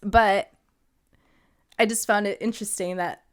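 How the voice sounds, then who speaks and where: A young woman co-hosting a podcast, telling a story in casual chat, animated and laughing often. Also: mid-range voice, unhurried, smooth. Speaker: podcast co-host.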